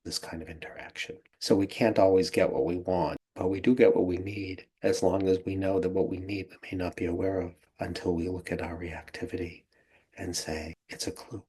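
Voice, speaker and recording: A man, a therapist, calmly telling a story from a couple's therapy session and quoting what each person said. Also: sits low, fairly quick, slight background noise. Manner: calm, reflective storytelling with quoted dialogue. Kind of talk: storytelling about a therapy case.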